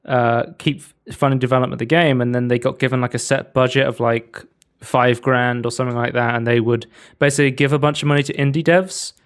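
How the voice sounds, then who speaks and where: A man's voice: medium pitch, steady tone, quick pace, clear, resonant tone. A man co-hosting a casual podcast, chatting loosely about game demos with lots of fillers. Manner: rambling, lots of fillers and likes. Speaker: podcast co-host.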